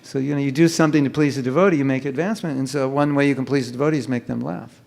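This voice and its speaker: A man's voice: medium pitch, fairly even intonation, racing, creaky, darkish tone. A man leading a live chanting workshop for an audience, joking often and mimicking careless mumbled chanting to make his point. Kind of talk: humorous live workshop talk. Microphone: microphone.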